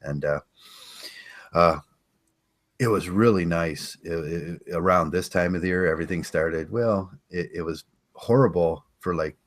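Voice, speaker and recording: An older man hosting a casual podcast, rambling and chatting with listeners, halting with many fillers and restarts. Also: deep voice. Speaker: podcast host. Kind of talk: casual live-stream chat.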